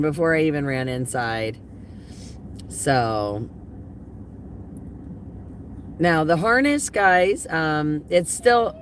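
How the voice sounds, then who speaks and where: A middle-aged woman hosting a casual live stream from inside her car, chatting and slipping into high baby talk for her dog. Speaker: livestream host. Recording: distant mic with loud car noise.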